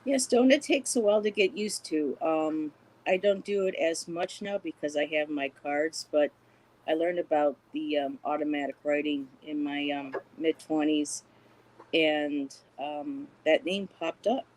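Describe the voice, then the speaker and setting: A woman talking as a guest on a spiritual chat stream, gentle and encouraging, with many pauses and fillers. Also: low-pitched, poor audio. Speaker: guest intuitive reader.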